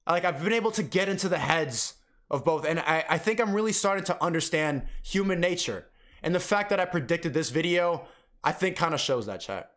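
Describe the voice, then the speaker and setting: A young male streamer talking to his chat in a loose, rambling way. His voice sits fairly high, and he keeps stumbling through fillers while he gets emotional. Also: expressive, brisk, fairly bright tone. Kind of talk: casual stream talk.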